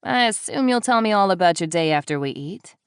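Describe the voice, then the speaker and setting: A woman's voice: fairly low pitch, expressive, fairly quick, clear, resonant tone, dry recording, clean studio sound, lightly acted. A woman voicing a wry young man who teases his partner in crime. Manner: teasing, smirking.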